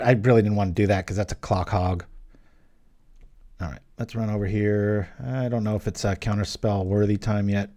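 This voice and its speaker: A man's voice: fairly low pitch, mellow. A man giving casual, rambling commentary over a card game he is playing, joking and chatting between plays. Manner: rambling, jokey, chatty asides. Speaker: gameplay commentator.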